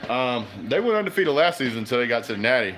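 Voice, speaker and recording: A man's voice: medium pitch, very animated, fast talker, a bit bright. A man hosting a live football reaction stream, chatting with viewers and hollering at the plays.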